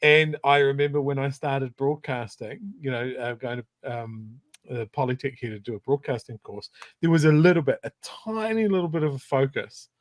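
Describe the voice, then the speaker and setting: A man's voice: medium pitch, normal speed, no room sound. New Zealand man in casual chat. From South Canterbury, New Zealand. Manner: conversational, animated storytelling. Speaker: podcast co-host.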